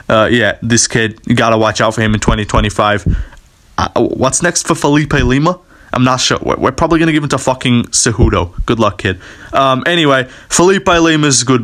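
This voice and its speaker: A man's voice: medium pitch, fairly bright tone. A young man riffs through casual commentary in a mid-range voice, rambling and hyped-up, with plenty of swearing. He talks off the cuff, piling one thought on top of the next. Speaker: video host.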